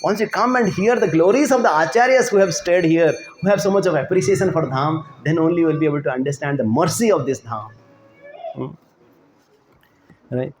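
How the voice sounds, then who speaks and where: A man's voice: on the high side, a little fast, roomy sound, a little hiss or hum, low-quality recording. A man giving a storytelling devotional talk on a pilgrimage, peppering it with "you know" and "right?" and acting out quotes. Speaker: devotional speaker.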